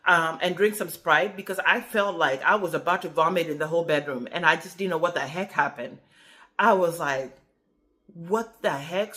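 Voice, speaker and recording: A woman in her forties talking casually to camera as a vlogger, chatty and animated, often checking in with "okay?". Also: lowish voice.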